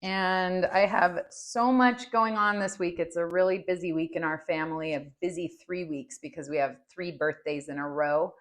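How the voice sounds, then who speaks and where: A woman's voice: lowish voice, fairly even intonation. A woman in her forties hosting a personal podcast, talking in a heartfelt, earnest way. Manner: heartfelt and earnest, speaks slowly. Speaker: podcast host. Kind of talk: personal reflective podcast talk.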